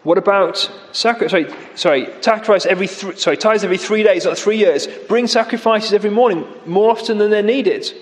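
Preaching a little fast with hardly any pauses, a man delivers a sermon in an echoey hall. Sarcasm runs through it, and he mocks quoted lines by lifting his voice.

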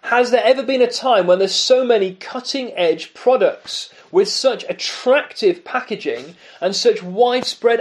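A man preaching a sermon, emphatic and full of rhetorical questions and dramatic pauses. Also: very high voice.

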